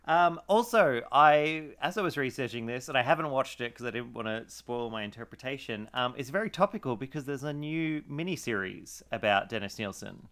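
A man's voice: medium pitch, animated, a little fast, few pauses, fairly bright tone. A man co-hosting a casual true-crime podcast, chatty, laughing often and full of fillers. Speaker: podcast co-host.

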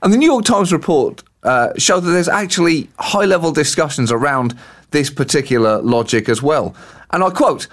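A man's voice: fairly high pitch, animated, moderate pace, a bit bright. Sardonic man on a comedy podcast. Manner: sardonic, mock-earnest. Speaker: podcast co-host. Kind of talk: comedic topical chat.

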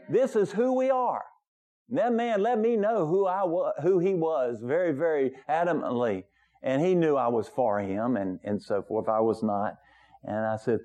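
A middle-aged male pastor preaching in a conversational way, telling an everyday story and then rising higher and louder on his main points. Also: muffled recording. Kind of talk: sermon.

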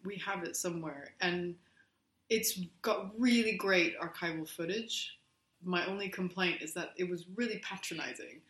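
Bright, jokey woman co-host, echoey room. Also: fairly low pitch. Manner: jokey, quick interjections. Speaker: podcast co-host. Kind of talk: casual podcast chat.

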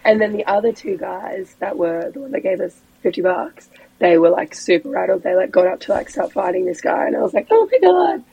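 A woman's voice: on the low side, a little fast, gravelly, dull audio, a little hiss or hum. A young woman, co-hosting a podcast over a video call and telling stories with acted-out quotes. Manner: animated storytelling, acting out quotes. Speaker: podcast co-host.

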